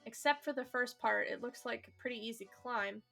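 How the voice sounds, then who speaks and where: A woman's voice: fairly high pitch, brisk, vocal fry, fairly bright tone, faint music behind. A woman playing through a visual novel, reading its lines aloud and chatting casually between them, swearing now and then. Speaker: let's play streamer.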